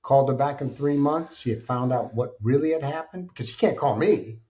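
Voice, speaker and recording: Earnest middle-aged man, dark muffled voice. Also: mid-range voice, a little fast. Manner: earnest, colloquial, animated storyteller. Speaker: podcast guest. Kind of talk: candid personal storytelling. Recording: dull lo-fi sound.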